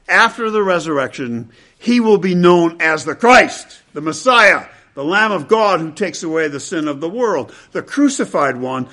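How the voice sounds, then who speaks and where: A man preaching an expository sermon, repeating key phrases and swinging between loud, emphatic peaks and hushed, low passages. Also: lively intonation, normal speed, few pauses.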